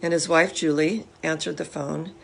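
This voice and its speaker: A woman minister telling a story in a sermon, animated and often asking her listeners to imagine it. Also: sits low, moderate pace, gravelly, breathy edge.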